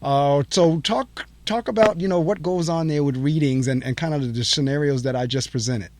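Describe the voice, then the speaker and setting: A man's voice: fairly high pitch, normal speed, a little mellow, slight background noise. Rambling interview host, man. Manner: rambling questions with restarts. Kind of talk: casual interview.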